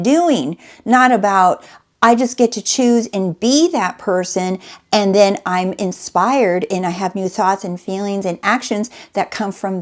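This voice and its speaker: A woman's voice: medium pitch, darkish tone. A woman coach talking straight to her viewers in an emphatic monologue, repeating phrases and asking rhetorical questions. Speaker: manifestation coach.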